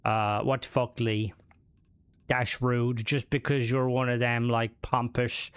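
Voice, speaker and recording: A young man with an Americanized Irish accent gives live gameplay commentary, rambling casually and swearing freely as he chats with viewers. His voice sits in a middle pitch and sounds dry and close to the mic. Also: level tone, slow, smooth, no room sound. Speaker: game streamer.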